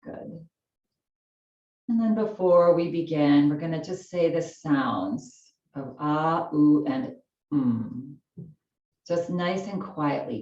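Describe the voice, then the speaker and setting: A woman leading a gentle chair yoga class, giving soft, slow, soothing cues for breathing and stretching. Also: sits low, roomy sound, recorded from a distance, highs cut off.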